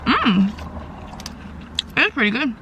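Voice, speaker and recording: A young woman telling a casual storytime vlog in a chatty, animated way, full of filler words. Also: on the high side, slow, muffled recording, background noise. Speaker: vlogger.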